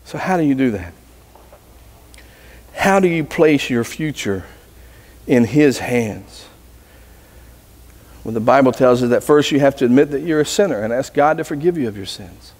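A man's voice: mid-range voice, animated, moderate pace, pauses often, darkish tone, big-room sound. A man preaching as a pastor, earnest, telling a story with voices. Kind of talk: sermon. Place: church sanctuary.

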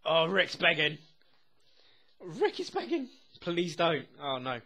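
A young man reacting to a TV episode as he watches. He talks excitedly, swears constantly and often laughs. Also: fairly high pitch, takes it slowly. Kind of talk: live reaction commentary.

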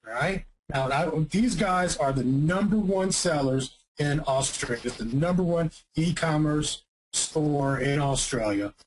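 A man giving an energetic marketing presentation, emphatic and punchy, often asking rhetorical questions. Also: on the high side, measured pace, hardly any pauses, a little hiss or hum, rough recording.

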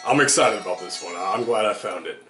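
A man's voice: fairly low pitch, brisk, pushed and bright, faint music behind. A man reading an absurd comic story aloud, amused and giggling through it. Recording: roomy echo.

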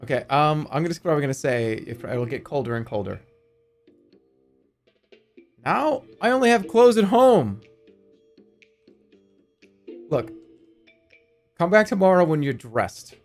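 Man, thirties, gaming commentary, lively pitch swings, cursing, faint game music. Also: normal speed, pauses often. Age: 30s. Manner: swearing, excitable, swings between mutters and yelps. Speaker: streamer. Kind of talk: let's play commentary.

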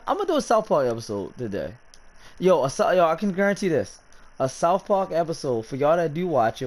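Male gaming YouTuber host, casual slangy rambler, very lively pitch.

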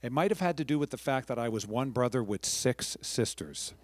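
A man's voice: medium pitch, animated, fairly quick. A middle-aged man from New York, a professional storyteller giving a chatty talk to a live audience, with friendly asides and restarts.

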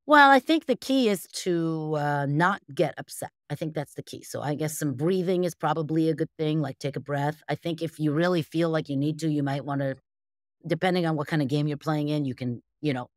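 A woman's voice: low-pitched, a little fast, no echo, studio quality. A woman from the United States, a guest on an interview show, answering casually and rambling with lots of fillers and restarts. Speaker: guest, bridge champion.

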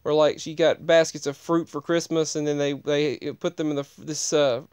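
Give me a rambling man telling a casual story, his voice smooth and a bit high, with plenty of restarts. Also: level tone, normal speed, a little mellow, no room sound, studio quality. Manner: rambling, digressive, frequent restarts.

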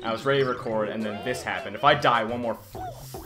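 A man's voice: lowish voice, fairly even intonation, brisk, pushed and bright. A man giving let's-play commentary, easily frustrated, exclaiming and grumbling at the game as he plays. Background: game music.

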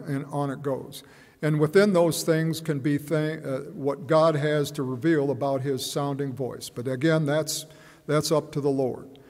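A man preaching a sermon in a measured, musing way, often hesitating and repeating himself. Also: fairly high pitch, a little mellow. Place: church. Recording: long church reverb.

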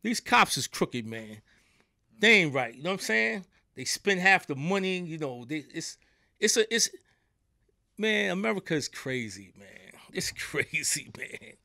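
A man's voice: a little high, very animated, a little slow, creaky, bright, forceful tone, no echo, studio quality. A middle-aged man from New York with a New York accent, a podcast guest telling stories in a casual, streetwise way and often asking "you know what I'm saying". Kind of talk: casual storytelling. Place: podcast studio.

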